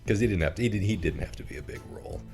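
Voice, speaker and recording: A man's voice: deep voice, very fast, a little mellow, soft background music. A man co-hosting a casual movie review podcast, joking and swearing in a wry way. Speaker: podcast co-host. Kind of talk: casual chat.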